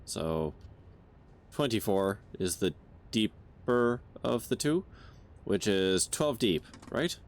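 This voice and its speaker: A man's voice: lowish voice, big pitch swings, takes it slowly. A young man chatting casually while playing a game, counting aloud under his breath and swearing now and then. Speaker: game streamer.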